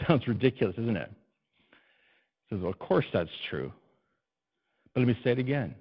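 A man preaching a sermon as pastor, swinging between hushed low passages and loud, soaring ones, often putting questions to the congregation. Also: big pitch swings, moderate pace, pauses often, breathy edge, muffled recording. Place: church.

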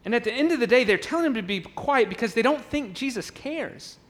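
A man's voice: extremely high pitch, expressive, brisk, in a large hall. A man preaching a sermon in a church, emphatic and repeating words as he builds his points, now and then acting out the crowd's voices. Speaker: pastor. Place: church sanctuary.

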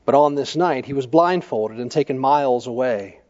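A male pastor preaching a sermon, telling stories in a measured way and putting questions to the congregation. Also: mid-range voice, a little mellow. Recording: echoey church hall, dull lo-fi sound.

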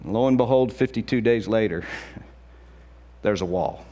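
A middle-aged male pastor preaching a sermon in an animated, conversational way, acting out quotes as he goes. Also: lowish voice, a little slow.

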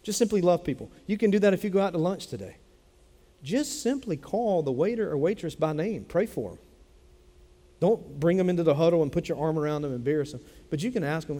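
A man's voice: a little high, expressive, fairly quick, mellow. Conversational man preaching in a reverberant hall. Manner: conversational preaching with repeated phrases and asides. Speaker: pastor. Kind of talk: sermon. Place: church sanctuary.

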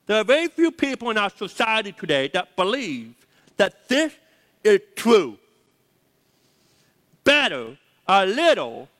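Pushed and bright, this man's high voice drives an emphatic sermon. Acting as pastor, he repeats key words and leads the congregation to speak them aloud, all within the long reverb of a large hall.

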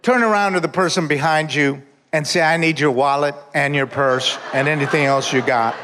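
A pastor preaching a sermon, leading the congregation in call-and-response and breaking into shouts. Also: male voice, on the high side, normal speed. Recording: reverberant church hall.

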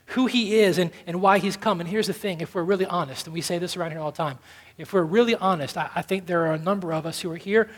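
High-voiced pastor preaching in a reverberant church. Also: male voice. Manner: storytelling, swinging from loud urgency to hushed softness. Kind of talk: sermon. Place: church sanctuary. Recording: church hall with long reverb.

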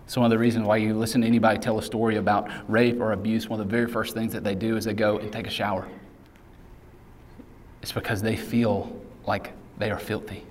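A man's voice: on the low side, little pitch movement, fast talker, a little hiss or hum. Man preaching casually in a big hall. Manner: conversational preaching with casual asides and acted-out quotes. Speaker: pastor. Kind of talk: sermon. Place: large hall. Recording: reverberant hall sound.

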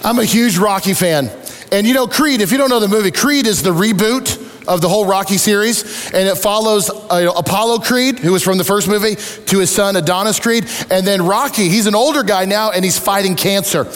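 A middle-aged male pastor preaches in a high, bright-pitched voice. He tells stories with animated, self-deprecating humor. His voice rings out with the long reverb of a large hall. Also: a little fast. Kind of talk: sermon.

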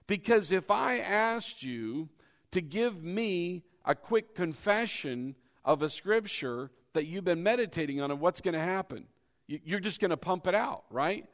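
Lively, animated man preaching a sermon. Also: unhurried. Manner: animated preaching, leads call-and-response with the congregation; acts out hesitant and doubting voices in a low mumble. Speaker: pastor.

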